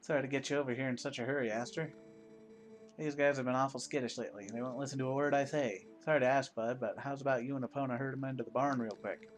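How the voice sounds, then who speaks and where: Man doing a gruff, folksy ranch hand, middle pitch, faint music behind. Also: steady tone, fast, lightly acted. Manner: folksy, calls the listener bud. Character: gruff adult male ranch hand, friendly.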